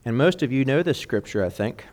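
A man's voice: medium pitch, lively intonation, fairly quick, a little mellow. A middle-aged man preaching an earnest sermon to fathers, speaking with emphatic conviction. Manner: earnest, emphatic preaching, quoting song lyrics.

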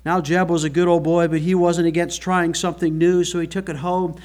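A man preaching to a congregation in a church, his voice pitched a bit higher than most men's. He is earnest and folksy and asks rhetorical questions before answering them. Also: little pitch movement, brisk, a little mellow. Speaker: pastor. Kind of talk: sermon.

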